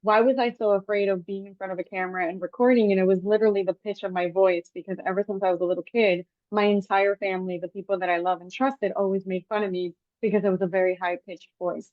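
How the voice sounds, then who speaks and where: A woman hosts a podcast in an easy, chatty way, sliding into animated quoted asides as she tells her stories. Her voice sits at a middling pitch for a woman. The recording is dry and a little dull, with lo-fi podcast sound. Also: fast talker, few pauses, no room sound. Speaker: podcast host. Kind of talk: casual interview chat.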